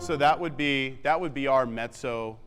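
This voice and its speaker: A man coaching a wind band in rehearsal, giving quick feedback, singing melodic lines on syllables and counting the players in. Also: medium pitch, loud music behind the voice. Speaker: band clinician. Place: large theatre stage. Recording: echoey hall, long reverb.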